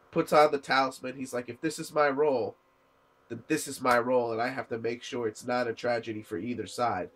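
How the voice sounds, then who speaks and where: A young man casually recapping an anime episode, rambling with many fillers and restarts and briefly acting out the characters' lines. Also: mid-range voice. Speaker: anime reviewer.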